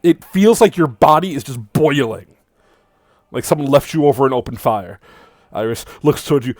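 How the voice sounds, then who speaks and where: A man narrating a tabletop game as game master, in slow, dramatic, hushed delivery. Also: medium pitch, expressive, no echo, clean studio sound.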